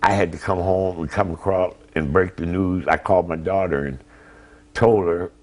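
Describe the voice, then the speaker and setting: An older man with an extremely low, deep voice tells his family's story in a plain-spoken way. He is polite and measured, a grandfather speaking as a guest in an interview. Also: steady tone. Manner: plain-spoken, polite, answers with "yes, ma'am". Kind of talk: emotional personal account.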